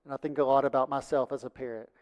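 A man preaching a sermon and reading Scripture, emphatic, swinging from loud passages to hushed ones. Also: mid-range voice, steady tone, very fast. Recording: dull lo-fi sound with long hall reverb.

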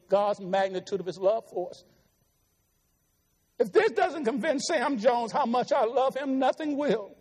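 A middle-aged man delivers an earnest, pleading sermon in a high voice. His words ring out in a church sanctuary, and a long reverb trails behind each phrase. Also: darkish tone. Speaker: preacher.

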